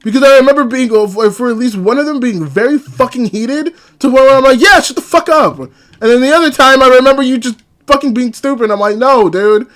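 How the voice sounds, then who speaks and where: A young man co-hosting a casual podcast, with a markedly high voice for a man. He is exasperated and swears often, stumbling over his words and repeating phrases as he argues. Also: quick pace, fairly bright tone. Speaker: podcast co-host. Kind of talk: casual argumentative chat.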